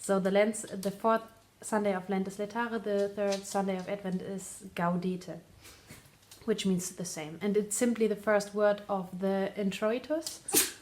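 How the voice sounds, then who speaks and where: A young woman talks in English with a German accent, easygoing and chatty. She laughs often and stops to correct her own words as she goes, as a host speaking from home. Her voice sits at an ordinary middle pitch. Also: fairly even intonation, measured pace, a little mellow, slight background noise. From northern Germany. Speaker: podcast host. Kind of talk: casual chat. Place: home in Lower Austria.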